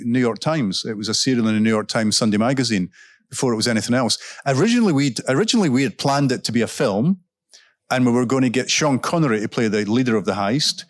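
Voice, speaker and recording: A man's voice: medium pitch, dry recording. Chatty male author with a dry sound. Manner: chatty, anecdotal, with frequent uh and um and self-corrections; laughs while telling stories. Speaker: author guest at a literary festival. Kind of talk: casual onstage storytelling and Q&A. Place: stage at a live event.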